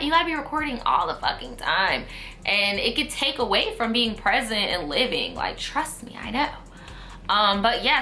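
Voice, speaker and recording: A young New York woman vlogs to camera in a casual opinion rant, her fairly high, bright voice carrying a forceful tone. She's blunt, sassy and full of profanity.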